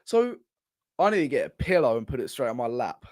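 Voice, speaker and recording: A man's voice: medium pitch, very animated, fairly quick, no echo, clean studio sound. A man, a guest on a live fan podcast, giddy and exclamatory, swearing often. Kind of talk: live casual fan chat.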